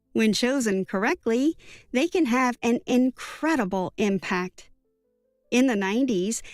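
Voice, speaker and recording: A woman narrates a book summary slowly and evenly, her voice sitting a little high. The recording is dry and close, with soft music underneath. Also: no room sound. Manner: even, measured reading. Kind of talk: scripted narration.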